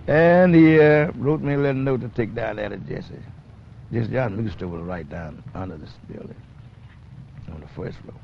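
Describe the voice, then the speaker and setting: A blues musician in his sixties, outdoors in a city, drawls through rambling stories about his music career, acting out other people's lines. His voice is low-ish and creaky at a moderate pace; the dull old archive film audio includes music and a little hiss or hum.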